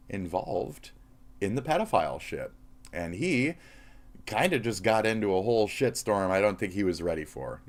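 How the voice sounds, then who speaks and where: A man from the American South streaming crude, rambling, sarcastic reaction commentary on clips. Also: lowish voice. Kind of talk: casual profane reaction commentary.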